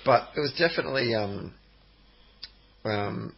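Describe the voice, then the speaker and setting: Husky gravelly man chatting about football. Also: medium pitch, unhurried. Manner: rambling, hesitant, many ums, animated when telling stories. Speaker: podcast co-host. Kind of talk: casual football chat. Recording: dull lo-fi podcast audio.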